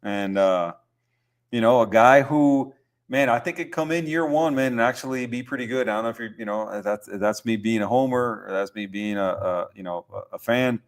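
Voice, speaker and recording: A young man hosting a podcast, talking football in a relaxed, rambling way with lots of fillers and easy laughs. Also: medium pitch, moderate pace. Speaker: podcast host. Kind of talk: casual sports chat.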